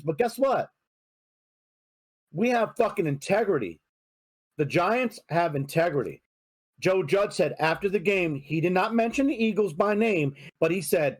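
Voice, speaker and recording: A middle-aged man on a sports podcast, venting in a heated, foul-mouthed rant. His voice sits a little high for a man, and he swears as he talks. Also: expressive, normal speed, a little mellow. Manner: heated, profane ranting. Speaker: podcast co-host. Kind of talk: casual sports podcast chat.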